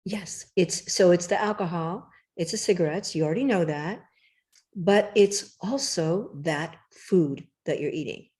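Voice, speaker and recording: A woman author talking emphatically and directly in a casual interview, with a slightly rough morning voice. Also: lowish voice, unhurried, hardly any pauses, darkish tone. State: morning voice, clearing throat. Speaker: cookbook author guest.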